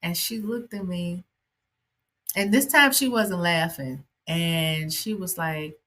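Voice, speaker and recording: A woman hosts a podcast and tells a personal story in a loose, conversational way, with many asides. Her voice sits low and sounds husky. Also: takes it slowly, bright, forceful tone. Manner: conversational, with frequent fillers and asides. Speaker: podcast host and ordained minister.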